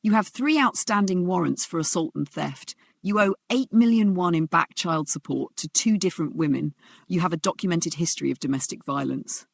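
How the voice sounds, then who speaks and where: A narrator voicing a cold, quietly menacing crime boss who speaks level and calm, in a narrated drama story. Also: mid-range voice, a little fast, gravelly, no echo. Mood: cold threat.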